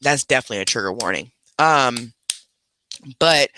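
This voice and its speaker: Animated bright-voiced man on a livestream. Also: medium pitch, fairly quick, a little hiss or hum. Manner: animated storytelling, scolds his dogs mid-stream. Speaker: livestream host. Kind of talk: casual live chat. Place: home bedroom.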